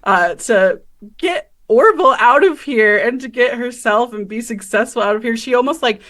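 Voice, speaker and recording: A woman's voice: fairly high pitch, lively intonation, moderate pace, a bit bright. A woman playing in a tabletop game, chatting casually, giggly and full of fillers. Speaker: player. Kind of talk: casual chat.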